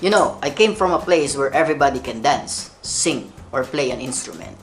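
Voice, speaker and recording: A man's voice: medium pitch, expressive, moderate pace, gravelly, soft background music. A young man from the Philippines with a Filipino English accent, hosting a playful question-and-answer video and laughing at his own jokes. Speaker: kalimba channel host. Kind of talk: Q&A vlog.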